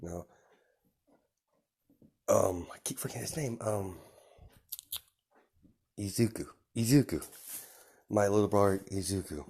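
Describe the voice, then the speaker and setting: A man's voice: low voice, moderate pace, pauses often, a little mellow, husky. A man improvising a fan story, rambling with many fillers and restarts.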